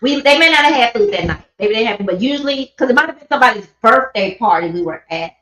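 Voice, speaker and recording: Animated woman host telling stories. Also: on the high side, quick pace. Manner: animated storyteller, mimics people, laughs often. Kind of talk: casual chat. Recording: echoey, dull livestream audio.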